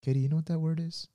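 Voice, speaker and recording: A man in his thirties hosting a podcast and telling a story in an animated, casual way, laughing at himself. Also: fairly high pitch, dry recording, studio quality. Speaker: podcast host.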